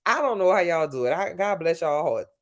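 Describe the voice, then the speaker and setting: Southern louisiana lady chatting on a livestream, loose and cussing, voice bouncing up and down. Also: brisk. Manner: chatty, swears freely, lively shifts in pitch. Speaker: livestream host. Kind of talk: casual livestream chat with viewers.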